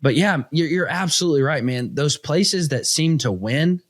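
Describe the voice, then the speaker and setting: A man in his thirties hosting a casual chat, telling hunting stories with lively, slangy energy. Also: on the high side, normal speed, no room sound, clean studio sound. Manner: animated storyteller, says "dude" and "stinking". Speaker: podcast host.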